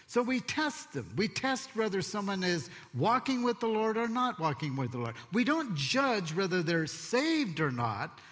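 High, lively preacher in a hall. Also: male voice, a little slow, few pauses. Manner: expressive, storytelling, conversational asides. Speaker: pastor. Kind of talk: sermon. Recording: long hall reverb.

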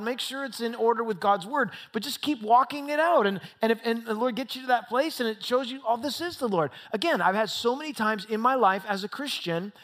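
A middle-aged man preaching a conversational sermon, telling stories and growing excitable as he talks. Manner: conversational storytelling, excitable with rising pitch. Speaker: pastor.

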